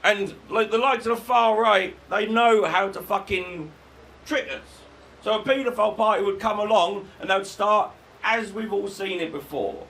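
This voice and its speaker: UK stand-up, male, high and lively delivery, crude sardonic humour. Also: a little slow, creaky, low-quality recording. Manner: crude, sardonic, erupts into shouted rants in character. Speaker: stand-up comedian. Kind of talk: live stand-up routine. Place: comedy venue with live audience.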